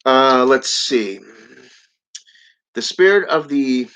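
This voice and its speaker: A man's voice: medium pitch, expressive, slow, fairly bright tone, smooth. A man hosting his channel, reading viewer comments aloud in a casual live-stream chat and chuckling often. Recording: dull lo-fi audio.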